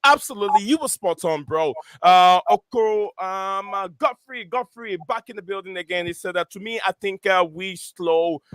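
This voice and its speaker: A man hosting a live football review show, excitable and fond of shout-outs and repeating names. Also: sits high, normal speed, hardly any pauses, dry recording, clean studio sound. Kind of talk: live fan call-in chat.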